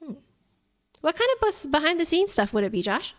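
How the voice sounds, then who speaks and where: A woman's voice: high voice, big pitch swings, brisk. A woman streamer chatting casually with her viewers, addressing them by name and laughing often. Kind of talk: casual live-stream chat.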